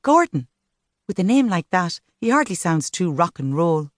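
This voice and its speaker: A woman's voice: lowish voice, lively intonation, normal speed, no echo, clean studio sound, lightly acted. A woman voicing a good-humoured young woman who teases her best friend in a wry way. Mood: teasing.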